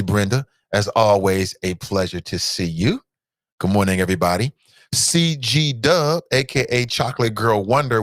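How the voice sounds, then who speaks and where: A man hosting a talk show in a casual, animated way, swinging his pitch up and down. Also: dry recording, clean studio sound.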